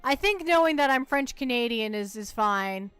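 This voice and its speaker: A woman's voice: a little high, animated, normal speed, fairly bright tone, smooth, dry recording, faint music behind. A woman from the United States chatting playfully and teasingly while livestreaming a game, often repeating words as she goes. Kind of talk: casual gameplay livestream chat.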